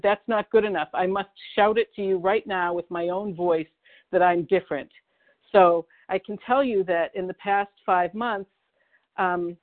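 Woman sharing over a tinny phone line. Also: lowish voice. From Boston area, US. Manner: halting, emotional, many ums and restarts. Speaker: meeting speaker sharing recovery story. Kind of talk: personal recovery share. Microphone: phone dial-in.

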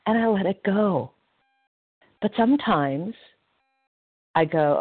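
A woman sharing reflectively at a recovery phone meeting, halting and self-mocking at times. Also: medium pitch, animated, slightly rough, no echo. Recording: dry tinny phone line.

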